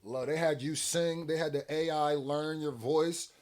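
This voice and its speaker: Animated man reacting to an album, slightly high voice. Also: measured pace. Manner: animated, laughs often, blunt slangy remarks. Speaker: music reaction host. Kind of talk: casual reaction commentary.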